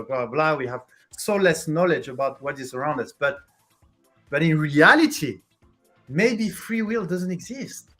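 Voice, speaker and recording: A host chatting casually with viewers on a livestream, halting and restarting while hunting for the right English word. The voice sits at a middling pitch, with soft music faintly underneath. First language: French. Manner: hesitant, searches for English words, restarts a lot.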